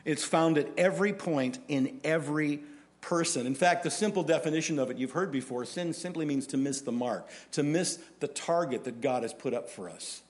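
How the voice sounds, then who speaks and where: A man with a fairly high voice delivers a sermon to his congregation. He speaks in a casual, storytelling way and keeps his delivery animated. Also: normal speed. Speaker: pastor.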